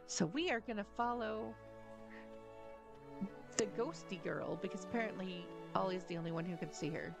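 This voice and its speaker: A woman streamer chats casually and giggles as she plays. Her voice has a gravelly low end and animated pitch. Soft game music sits underneath. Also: normal speed, long pauses. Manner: giggly, chatty.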